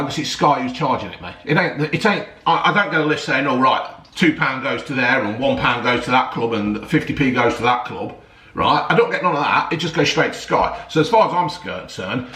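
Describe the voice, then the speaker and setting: Sweary ranting football fan. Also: male voice, a little high, fairly bright tone, roomy sound. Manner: heated, sweary, rambling, keeps asking right and yeah. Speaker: football vlogger. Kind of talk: ranting vlog.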